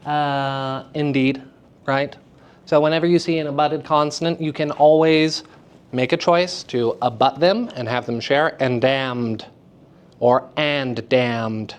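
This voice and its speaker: A man teaching a class of young actors, lively and enthusiastic, often checking in with questions to his students. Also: a little high, measured pace, clean tone. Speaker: theater teacher giving a lecture. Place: school hall with student audience.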